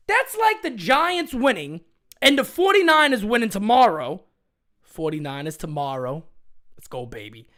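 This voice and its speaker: Hyped, high-pitched man hosting a fan stream. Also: big pitch swings, normal speed. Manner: hyped, loud, ranting, often shouting. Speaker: host of a live fan stream. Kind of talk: live-stream sports chat.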